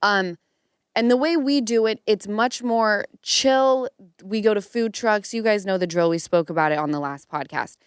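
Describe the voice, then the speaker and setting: A woman hosts a podcast in an easy, chatty way, telling a story. She jumps up in pitch when she quotes others, and her voice has mid-range pitch. The sound is dry and close to the mic. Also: moderate pace, clear, resonant tone, dry recording. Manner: animated storytelling, acts out quotes in a higher voice. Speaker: podcast host. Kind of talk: casual chat.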